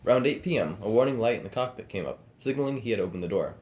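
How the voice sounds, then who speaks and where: A man co-hosting a podcast, reading a true-crime story aloud between casual banter with friends. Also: fairly low pitch. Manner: quick, reads script in steady storytelling cadence. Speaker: podcast co-host narrating the story. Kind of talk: casual podcast chat and read narration.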